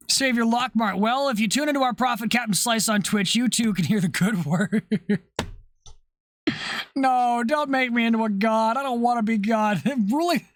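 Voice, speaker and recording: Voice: mid-range voice, moderate pace. A live streamer chatting casually while building LEGO, reacting to chat messages, laughing often and swearing freely.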